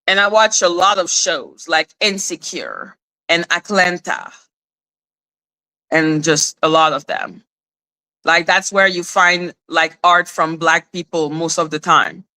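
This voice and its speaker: Bright-voiced woman ranting sarcastically. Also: slow pace. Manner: sarcastic, exasperated, swears freely, laughs often; jumps between high mocking tones and low deadpan asides. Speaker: commentary channel host. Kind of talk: casual ranting monologue.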